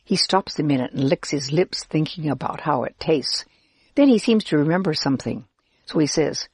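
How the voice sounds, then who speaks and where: A woman narrating a pretend-play Bible story for children, gently addressing the listener directly. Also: sits low, lively intonation, normal speed, slightly rough, dry recording, studio quality.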